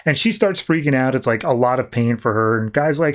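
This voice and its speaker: A man's voice: medium pitch, lively intonation, a little fast, few pauses. A man hosting a podcast, casually recapping a comic with lots of fillers. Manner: chatty, many "like" fillers. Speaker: podcast host.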